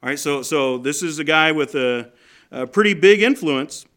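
A man's voice: a little high, expressive, moderate pace, fairly bright tone. A man preaching a conversational sermon from Canada, often asking the congregation questions.

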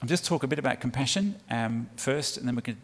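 A man's voice: mid-range voice, quick pace. Man preaching in an echoing hall. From England. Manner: chatty and warm, with frequent ums and restarts. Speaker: guest speaker for a child sponsorship charity. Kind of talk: sermon talk to a church congregation. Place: church hall. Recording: long reverb of a large hall.

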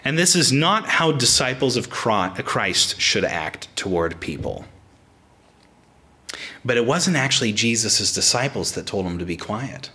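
A young man preaching a sermon, animated and casual, often restarting his sentences as he explains a passage. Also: medium pitch, a little slow. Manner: animated, frequent restarts, acts out quotes. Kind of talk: sermon with personal anecdote.

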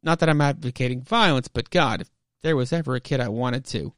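A man's voice: medium pitch, a little fast, fairly bright tone, no room sound, clean studio sound, lightly acted. A man voicing a young, exhausted male school principal who swears and rambles. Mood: frazzled.

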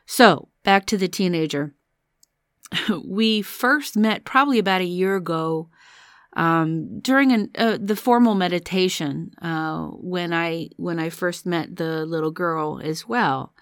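A woman with a slightly low voice talks through her own therapy experiences in a loose, chatty way. She pokes fun at herself and laughs often as she tells it. The sound is dry and close, with no room around it. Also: slow, dry recording. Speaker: therapist sharing personal parts work. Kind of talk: casual personal podcast monologue.

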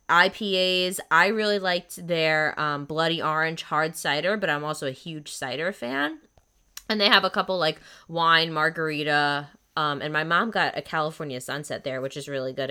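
A woman's voice: deep voice, pushed and bright, clean tone. A young adult woman hosting a casual chat, talking with enthusiasm and lots of filler "like"s. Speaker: podcast host.

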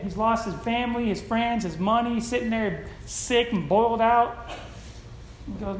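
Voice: medium pitch, normal speed, slight background noise. Roomy-sounding casual preacher. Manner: conversational preaching with casual slang, swinging loud and soft. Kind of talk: sermon. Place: church hall with a congregation. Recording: roomy hall echo.

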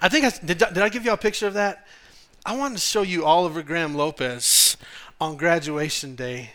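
A man from Texas with a Texan accent, preaching a sermon on a church stage, telling stories in an animated way with frequent laughter and shouting. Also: on the high side, moderate pace. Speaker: pastor.

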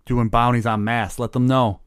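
A man voicing a hot-tempered male barbarian with a put-on New York accent, gruff and quick to take offense. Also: mid-range voice, level tone, dry recording, clean studio sound, lightly acted. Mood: touchy.

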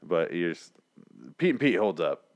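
A man's voice: deep voice, sing-song, normal speed. A man co-hosting a podcast, bantering casually with crude, sarcastic jokes and frequent laughter. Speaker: podcast co-host.

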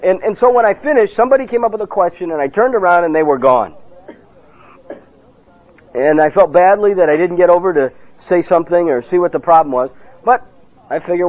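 A man delivers a sermon through a narrow, tinny radio sound. His voice sits high. He tells a story with lively pacing and acts out the people in it. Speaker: preacher. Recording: tinny phone-like radio broadcast.

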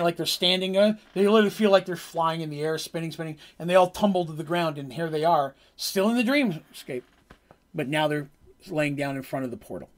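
Casual, rambling male game master. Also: a little high. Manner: casual, rambling storyteller with fillers. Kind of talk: recapping a tabletop game session.

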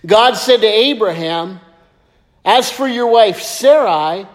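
A man preaching a sermon as pastor, lively and joking as he tells stories. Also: sits high, slow pace. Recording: echoey hall with long reverb.

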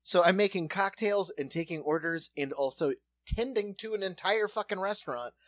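A man's voice: high voice, moderate pace, no echo. Profane, ranting male storyteller; dry, close sound. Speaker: restaurant server and bartender. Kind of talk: casual podcast chat.

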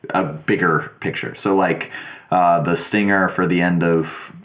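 A man's voice: sits low, fairly even intonation, a little slow, a bit bright. A man co-hosting a podcast, chatting casually about a movie with a dry, teasing manner. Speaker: podcast co-host.

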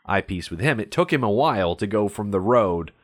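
A man's voice: fairly low pitch, animated, a little fast, no room sound. A man co-hosting a podcast, explaining things in a casual film discussion and sometimes reading aloud. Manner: explanatory, reads aloud at times. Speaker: podcast co-host.

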